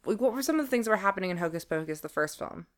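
A woman's voice: mid-range voice, expressive, very fast. A woman co-hosting a podcast, joking and quizzing her co-host in casual chat.

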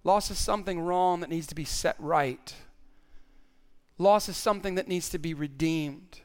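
A man's voice: a little high, normal speed, clear, resonant tone. A male pastor preaching a sermon in an earnest way, often repeating words as he stresses a point.

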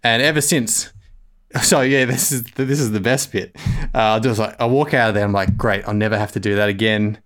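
A man's voice: on the low side, steady tone, fairly quick, a bit bright. A man, telling a long self-mocking story in casual chat, rambling and laughing often. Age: 30s.

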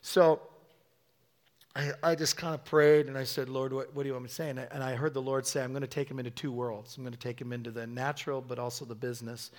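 A middle-aged man preaching a sermon, telling a story with animated quoted voices. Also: fast talker. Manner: animated storytelling, acting out quotes with sudden high-pitched bursts.

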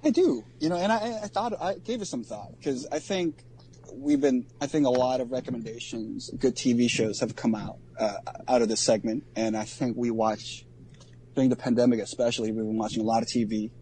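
A man co-hosting a podcast, talking casually in a halting way with many ums and restarts. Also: mid-range voice, mellow, slight background noise. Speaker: podcast co-host.

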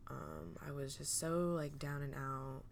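A young woman speaks in a sleepy, low voice with a gravelly fry, almost a little manly. She hosts her podcast alone and talks slowly through her thoughts, hesitant and reflective, stopping often to restart. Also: fairly even intonation, a little hiss or hum. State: sleepy, just woke up. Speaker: podcast host. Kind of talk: casual solo podcast monologue.

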